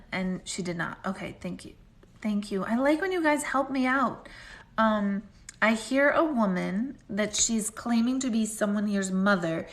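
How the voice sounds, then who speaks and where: A woman gives a live psychic reading as an intuitive medium, answering viewers in a chatty, rambling way packed with "like." Her voice is mid-range, and the room is echoey.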